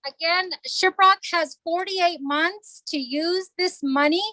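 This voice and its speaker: A woman's voice: extremely high pitch, slow pace, bright, forceful tone, no room sound, poor audio. A middle-aged woman, a council delegate, addressing a community meeting in an earnest, emotional way and repeating herself for emphasis.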